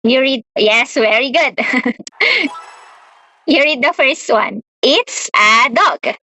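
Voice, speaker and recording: A young woman teaching a beginner English lesson to a child, repeating words slowly and laughing often. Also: high-pitched, expressive, sharp tone, lo-fi sound.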